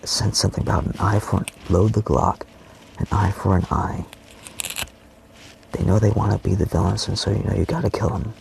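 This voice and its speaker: Young man, low gravelly voice, profane rambling monologue that keeps dropping to a whisper; faint background hiss. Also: steady tone, a little fast, a little mellow. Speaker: vlogger.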